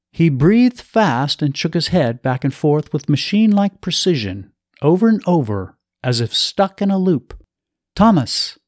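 A man reads a story aloud slowly, with plenty of rise and fall in his voice. His pitch sits a bit above average for a man. The recording is dry and close. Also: a little mellow, no echo. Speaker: narrator. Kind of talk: story reading.

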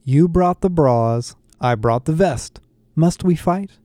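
A man's voice: fairly high pitch, animated, slow, warm tone, dry recording, clean studio sound, voice pushed up. A man voicing a bold teenage boy who jokes around, in a lightly raised breezy delivery. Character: bold teenage boy, joking leader type.

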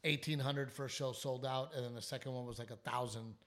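A man's voice: mid-range voice, a little fast. A man who hosts a podcast, telling a story in casual chat while sick and short on sleep, restarting often and swearing. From South Texas. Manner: animated, swearing, trailing restarts. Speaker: comedian and podcast host.

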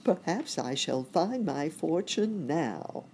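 Woman doing a kindly old rabbit gentleman, storybook, unhurried, husky, low. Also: big pitch swings, slight background noise, full character voice. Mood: mild. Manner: gentle, mild exclamations.

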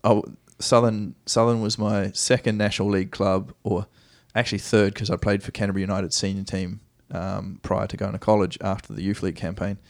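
Kiwi man, podcast guest, low voice, dry close sound, casual storyteller who loops back on himself. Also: level tone, fairly quick, gravelly, hardly any pauses, dry recording. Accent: New Zealand. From New Zealand. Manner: rambling, self-correcting anecdotes with easy laughs. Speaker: guest soccer player.

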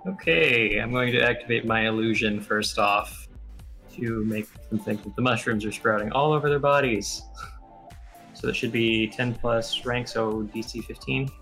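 A man's voice: mid-range voice, moderate pace, pushed and bright, faint music behind. A man playing in a tabletop game, easygoing and matter-of-fact. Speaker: player. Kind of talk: casual tabletop game play.

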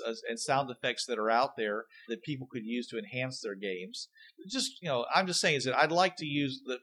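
A man's voice: mid-range voice, fairly bright tone. A man co-hosting a gaming podcast, talking casually with many fillers and restarts. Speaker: podcast co-host.

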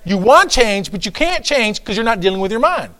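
A pastor preaching a sermon, emphatic and repetitive, folksy with joking asides, swinging from low asides to shouts. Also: male voice, very animated, fairly quick.

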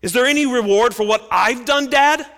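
A man's voice: very high-pitched, normal speed, sharp tone, pitched above the performer's own voice, heavily acted. A male preacher acting out a resentful, furious older brother, a hardworking farm son, in a raised and emphatic voice. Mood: indignant. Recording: echoey hall reverb.

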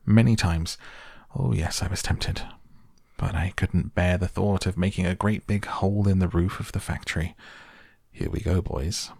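A cheerful, eccentric chocolate maker who talks briskly and with theatrical glee, in a low, gravelly voice, as a man reads him. The delivery stays close and dry. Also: darkish tone, dry recording, full character voice. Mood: gleeful.

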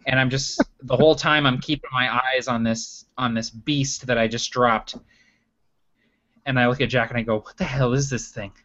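A man playing a tabletop role-playing game, gruff and swearing when in character. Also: medium pitch, fairly even intonation, moderate pace, sharp tone. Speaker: player. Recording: dull lo-fi sound.

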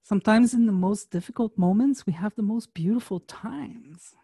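A woman in casual conversation, telling a personal story in an animated way and acting out the voices of people she quotes. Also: medium pitch, normal speed, husky, dry recording, studio quality.

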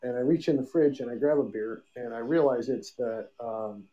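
A man rambles through a casual podcast chat, cursing and joking as he goes, with the hiccups. His voice is mellow and relaxed, of middle pitch. The recording sounds dull and lo-fi. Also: moderate pace. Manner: loose, rambling, profane and joking. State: has the hiccups. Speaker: podcast co-host.

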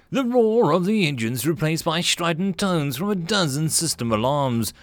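A man narrating a science fiction story in an expressive storytelling manner. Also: mid-range voice, dry recording.

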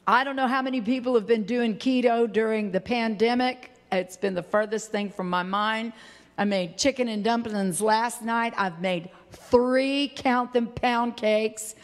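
An older woman preaching a folksy, animated sermon that breaks into sudden high exclamations. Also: measured pace, long reverb tail.

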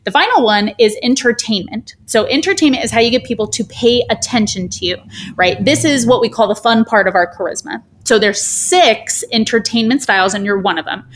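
Animated, theatrical woman with a higher voice. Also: fairly quick, a little hiss or hum. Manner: animated, theatrical, does voices when quoting. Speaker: guest speaker. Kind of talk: podcast interview, explaining a framework.

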